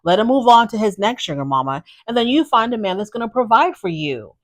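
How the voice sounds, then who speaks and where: A woman's voice: fairly high pitch, sing-song, fairly quick. A woman giving blunt, opinionated commentary as a reality TV recap host, firing off exasperated rhetorical questions.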